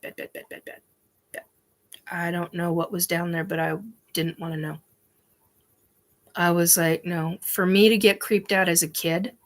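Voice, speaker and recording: Her voice is medium in pitch and fairly bright as she hosts a show and shares a personal story. She's rambling and emphatic, with lots of ums, restarts and casual swearing.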